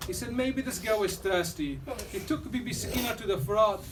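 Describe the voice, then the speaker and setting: A man's voice: high voice, brisk, music in the background. A man reciting a grief-filled religious story at a mourning gathering, his voice rising into anguished cries. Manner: grieving, swelling to anguished cries at peaks. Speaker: majlis reciter. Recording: distant mic, noisy room.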